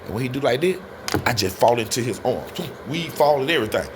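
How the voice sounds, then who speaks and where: A man telling a personal story in a casual, animated way, often turning to his listeners. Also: medium pitch, fast, background noise. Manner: animated, addresses listeners as y'all. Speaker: storyteller guest.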